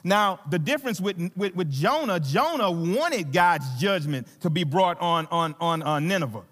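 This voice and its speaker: A man's voice: sits high, lively intonation, moderate pace, a bit bright, in a large hall. A man with a Southern American accent preaching a sermon as a visiting pastor, talking conversationally and playfully to the congregation with plenty of fillers and restarts. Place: church sanctuary.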